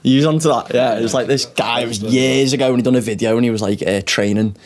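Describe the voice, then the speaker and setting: A man's voice: mid-range voice, quick pace, few pauses, soft background music. A man co-hosting a podcast in casual banter, laid-back and jokey. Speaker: podcast co-host.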